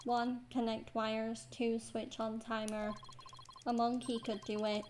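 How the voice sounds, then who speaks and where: A woman's voice: a little high, little pitch movement, measured pace, darkish tone, slight background noise, natural voice. A woman voicing a terse male bomb disposal expert who talks in clipped, robotic phrases over game music.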